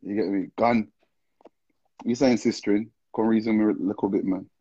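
Guy on a livestream, a bit drunk, slangy and hyped, mellow voice, kinda dull lo-fi sound. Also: on the low side, moderate pace, slightly rough. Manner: excitable, slang-heavy, talks to viewers. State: tipsy. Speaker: livestream host. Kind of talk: casual livestream chat. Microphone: live stream with call-ins. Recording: dull lo-fi stream audio.

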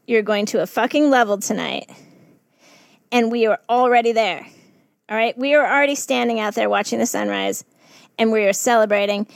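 A woman working in festival harm reduction, telling stories in a casual podcast chat, animated and laughing often. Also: on the high side, creaky, no echo, studio quality.

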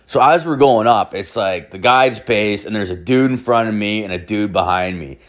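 A man's voice: fairly low pitch, normal speed. A man in his thirties telling a rambling story, swearing constantly and filling it with "like". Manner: rambling, profane, filler-heavy storytelling. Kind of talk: casual anecdote.

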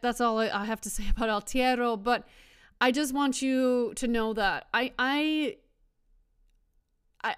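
A woman's voice: on the high side, clear, resonant tone. A woman hosting a casual wine podcast, rambling and chatty, who laughs often and stumbles over foreign words. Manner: rambling and chatty, with frequent fillers and restarts. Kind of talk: casual chat.

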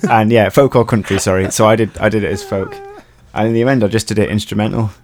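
A man's voice: on the low side, a little fast. A man co-hosting a casual podcast, explaining his music in a rambling, self-deprecating way over a remote call. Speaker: musician and co-host.

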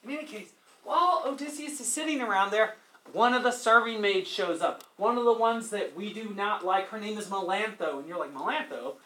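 A male teacher lecturing a class, animated, asking students questions and acting out quotes as he retells a story. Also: high-pitched, a little fast. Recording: echoey classroom.

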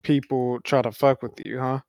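A man's voice: medium pitch, level tone, moderate pace, a little mellow. A man co-hosting a podcast, speaking reflectively in casual chat. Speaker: podcast co-host.

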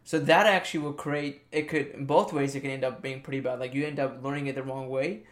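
Young dude cohosting, rambly, lots of restarts, normal pitch. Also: male voice, steady tone, quick pace. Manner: loose, repetitive reasoning with many restarts and "you know". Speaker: podcast co-host. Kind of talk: casual chat.

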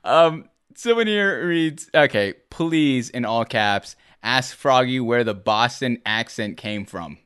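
A man's voice: medium pitch, lively intonation, slow, few pauses, fairly bright tone, clear, resonant tone. A man hosting a casual stream chat, laid-back and teasing as he reads out viewer questions. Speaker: streamer host.

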